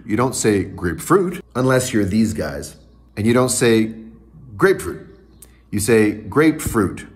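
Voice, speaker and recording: A man hosting a podcast, explaining craft terms in a teacherly way with examples. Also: fairly low pitch. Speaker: podcast host.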